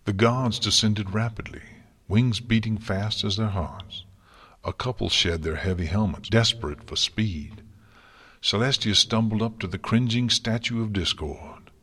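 A man reading a dramatic story aloud in a slow, measured way, with a long reverb around him. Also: fairly low pitch, pushed and bright, breathy edge. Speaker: narrator.

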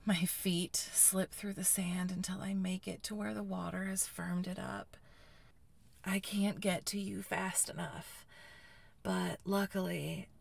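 A woman telling an intimate story in first person in a breathy, sighing, hushed whisper, as a whispered role-play. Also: on the low side. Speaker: erotic audio narrator.

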